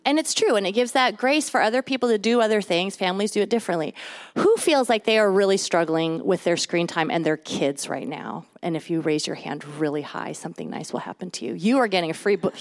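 A woman author giving a chatty, animated live talk to a moms' group, full of little asides. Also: mid-range voice, a little fast. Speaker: author and guest speaker. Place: event before a live audience.

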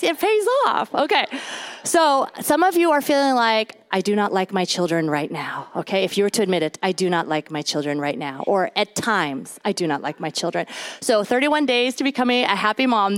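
A woman author giving a chatty, animated live talk to a moms' group, full of little asides. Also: a little high, smooth. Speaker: author and guest speaker. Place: event before a live audience.

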